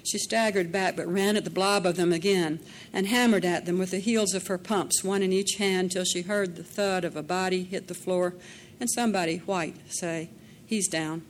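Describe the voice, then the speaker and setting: A woman narrating a dramatic story in a measured way, slowing down in tense passages. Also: fairly low pitch, steady tone, a little hiss or hum. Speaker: audiobook narrator.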